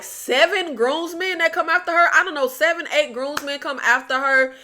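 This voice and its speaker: High bright-voiced woman, bluntly exasperated. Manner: blunt, exasperated, chatty with the viewers. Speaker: movie reviewer. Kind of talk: casual spoken review.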